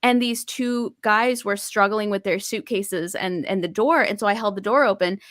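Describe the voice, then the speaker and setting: A woman's voice: mid-range voice, moderate pace, no room sound, clean studio sound. A woman from Arkansas in casual group conversation, telling stories and acting out the quotes. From Arkansas, USA. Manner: animated storyteller, acts out quotes.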